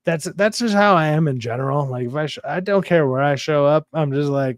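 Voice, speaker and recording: A man hosting a casual stream chat, his voice pitched a little high and recorded dry and close. He tells stories in a loose, profane, animated way, full of restarts. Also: brisk, few pauses, no echo. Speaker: stream host.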